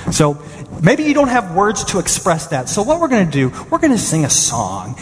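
A man in his thirties preaches in a church, his slightly high voice swooping up and down as he acts out his own panic. The sermon rings through a large, reverberant hall over a faint background hum. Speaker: pastor. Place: church sanctuary.

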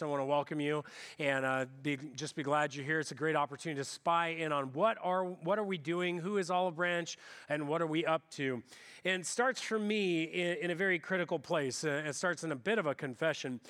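A man's voice: a little high, fairly quick, fairly bright tone. A middle-aged male pastor giving a conversational sermon in a church, chatty and self-deprecating, often restarting his sentences. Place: church sanctuary.

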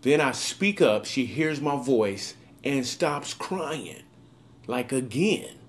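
A man's voice: mid-range voice, expressive, slow, slight background noise. A man in a recorded video monologue, telling a personal story in a casual, upbeat way with slangy asides.

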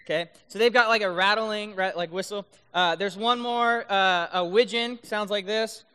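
Youth speaker, male, high and bright voice, playful, keeps asking "right?", long hall reverb. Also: steady tone, moderate pace, a little hiss or hum. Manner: playful, keeps checking in with the audience. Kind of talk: youth talk with duck call demos. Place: large room full of high schoolers.

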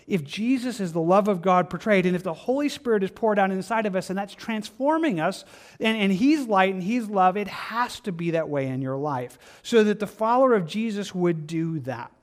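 Preaching in a conversational style, this American man of the cloth mimics people's excuses with rapid little character voices. His voice sits high and is expressive.

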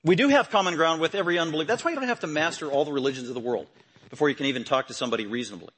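A man preaching a sermon, talking through a passage and building to loud, emphatic proclamations. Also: fairly high pitch, expressive, racing, breathy edge.

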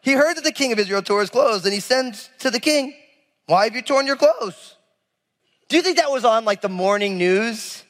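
A man preaching a sermon as a pastor, animated and conversational, acting out the people in the story with casual asides. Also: very high voice, fairly quick, hardly any pauses, big-room sound. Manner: animated, acts out biblical figures with casual asides.

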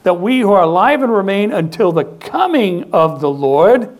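A man's voice: high voice, sing-song, normal speed. A man preaching a sermon as pastor, emphatic and calling on the congregation to answer back. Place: church sanctuary.

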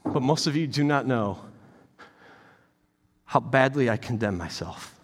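Animated man preaching in a reverberant hall. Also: medium pitch, measured pace. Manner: animated, swings from loud emphatic peaks to quiet intimate storytelling. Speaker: pastor. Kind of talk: sermon.

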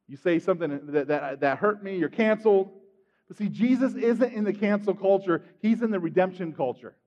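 Male preacher, high voice, animated, swings loud to soft, long hall reverb, muffled sound. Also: brisk. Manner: animated storytelling, acting out scenes, swings from loud to hushed. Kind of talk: sermon.

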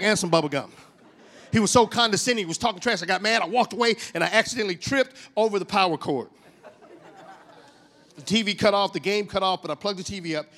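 A man of fifty preaching a sermon, telling stories with big swings in pitch and loudness. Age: 50s. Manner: animated storytelling with wide swings in pitch and volume.

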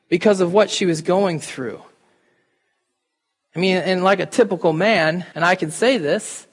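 High-voiced man preaching in a reverberant hall. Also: a bit bright. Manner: informal, talks to the congregation directly. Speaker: pastor. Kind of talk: casual conversational sermon.

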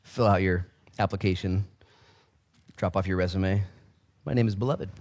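A man's voice: low voice, moderate pace, darkish tone. Joking preacher man. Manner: joking asides and acted-out voices. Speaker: pastor. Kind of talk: sermon.

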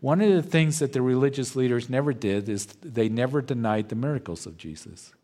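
Slow, deliberate male preacher. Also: medium pitch, dark tone. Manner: slow, deliberate, verse-by-verse teaching. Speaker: pastor. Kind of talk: expository sermon.

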